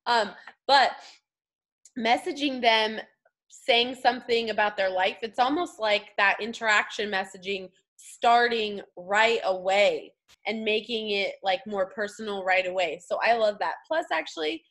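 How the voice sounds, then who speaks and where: A woman's voice: mid-range voice, measured pace, fairly bright tone. A woman hosting a casual interview, upbeat and slangy as she questions her guest. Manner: upbeat and slangy, laughs easily. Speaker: host.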